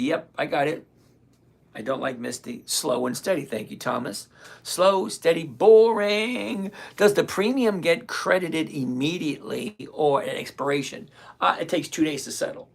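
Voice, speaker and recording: A man in his sixties whose voice is going hoarse, hosting a live stream, explaining trades step by step and chatting with viewers in an upbeat way. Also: on the high side. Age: 60s. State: hoarse, voice giving out. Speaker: livestream host.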